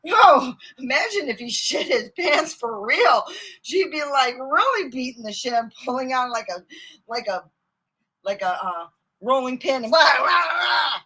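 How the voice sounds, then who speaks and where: Animated woman telling rambling comic stories. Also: high voice, a little slow, breathy edge, poor audio. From Michigan, US. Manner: animated, rambling, swings between loud outbursts and mutters; laughs at her own stories. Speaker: comedy storyteller. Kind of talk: casual comic storytelling.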